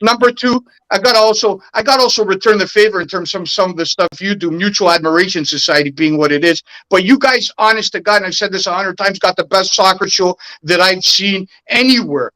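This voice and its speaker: A man's voice: sits high, brisk, hardly any pauses, sharp tone, poor audio. A man co-hosting a sports talk show in casual banter, rambling and restarting his phrases.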